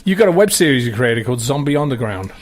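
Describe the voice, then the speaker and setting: A man's voice: medium pitch, sing-song, fast, crowd noise. A man hosting a radio talk show in a studio, chatting casually and stumbling over his words. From England.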